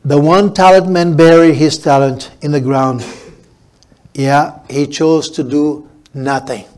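Emphatic preaching man, higher-pitched. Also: fairly even intonation, takes it slowly, a little mellow. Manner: emphatic preaching with repetition and rhetorical build-ups. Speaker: pastor. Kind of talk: sermon.

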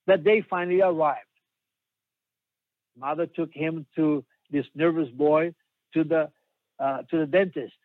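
A man preaching a sermon slowly and emphatically, pausing often between phrases. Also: a little high, dry recording. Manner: slow, emphatic preaching with long pauses. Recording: dry, tinny phone-like sound.

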